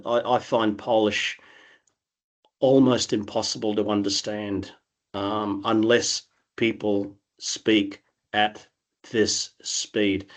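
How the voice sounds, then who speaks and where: Australian man, slightly low nasal voice, thoughtful guest who restarts often. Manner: thoughtful, hesitant with frequent restarts. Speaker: interview guest. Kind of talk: conversational interview.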